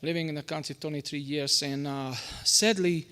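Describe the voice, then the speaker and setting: A tired man with a Hungarian accent, speaking haltingly and apologetically as a public commenter at a school board meeting. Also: a little high, fairly even intonation, bright, forceful tone, clean tone. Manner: halting, apologetic, many restarts. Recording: long reverb of a meeting hall.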